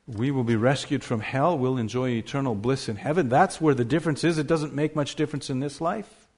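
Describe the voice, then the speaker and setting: A man's voice: medium pitch, fairly quick, a little mellow, breathy edge. A man preaching a sermon, emphatic, asking rhetorical questions and stressing key words.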